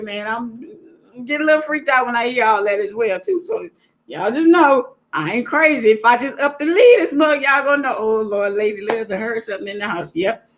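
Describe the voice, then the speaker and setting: A woman's voice: sits high, fairly bright tone. A woman hosting a live stream, chatting casually and animatedly straight to her viewers. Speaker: livestream talk show host.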